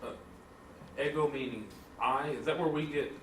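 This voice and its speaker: A male student asks a hesitant question in class. He is picked up from far away in a roomy classroom with clear background noise. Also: on the high side, steady tone, normal speed, a bit bright. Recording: distant, echoey classroom with noise.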